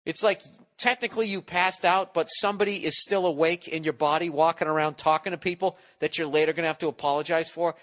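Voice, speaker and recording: A man's voice: on the high side, steady tone, quick pace, a bit bright, long reverb tail. A man in his forties hosting a podcast, rambling through a profane, self-mocking comic monologue at a studio mic, mimicking people in exaggerated voices. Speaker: podcast host. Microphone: studio podcast mic with windscreen.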